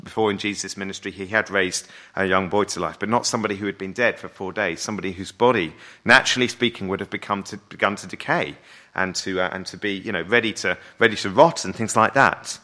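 A man's voice: low voice, quick pace, sharp tone. A man preaching a sermon in a conversational way, often asking his listeners rhetorical questions.

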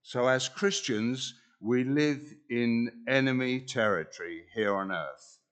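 Slow, measured male preacher. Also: medium pitch, fairly bright tone. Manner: measured, earnest preaching with deliberate pauses. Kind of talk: sermon.

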